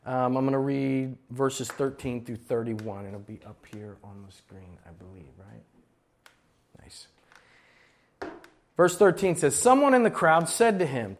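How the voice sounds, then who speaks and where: A man preaching a sermon to a church congregation, animated and conversational, acting out quoted voices as he tells stories. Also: medium pitch, a little slow. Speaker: pastor.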